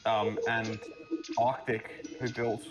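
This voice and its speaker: A man's voice: fairly low pitch, flat delivery, slow, highs cut off, music in the background. A man telling a rambling story full of fillers during a casual gaming chat, speaking over a voice call. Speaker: map builder guiding a playthrough.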